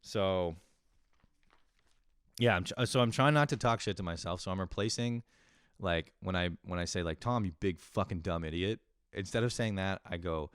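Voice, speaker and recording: A young man with a low, smooth voice talks through a loose, profane podcast monologue. He rambles, pokes fun at himself and laughs often. The sound is close and dry. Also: normal speed, long pauses, no echo. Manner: rambling, profane, self-deprecating, with frequent laughs. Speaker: podcast host. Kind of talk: casual solo podcast monologue.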